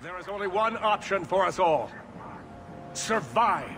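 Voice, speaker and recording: A man's voice: sits high, expressive, a little slow, noisy background. An actor playing a commanding male mage leader in a game, speaking in solemn, rousing oratory. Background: game score music.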